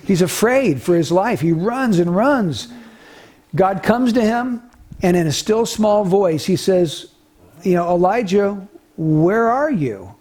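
A man's voice: sits high, lively intonation, takes it slowly, a little mellow. A man preaching an expository sermon, retelling a story in an earnest way with small restarts.

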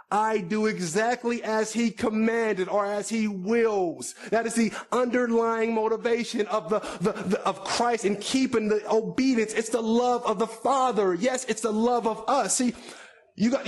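High-voiced preaching man, rising and falling. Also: unhurried. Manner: preaching with sweeping rises and drops in pitch and volume. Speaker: pastor. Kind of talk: sermon.

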